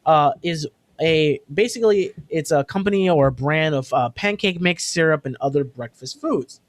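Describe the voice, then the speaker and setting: A man's voice: a little high, moderate pace, no room sound. A man in his twenties co-hosting a podcast in casual chat, rambling loosely, swearing freely and laughing often. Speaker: podcast co-host.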